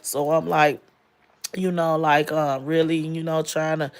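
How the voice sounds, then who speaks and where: A woman's voice: sits low, level tone, unhurried. A woman in her forties telling a personal story in a casual, emotional way, with many fillers, close to tears. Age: 40s.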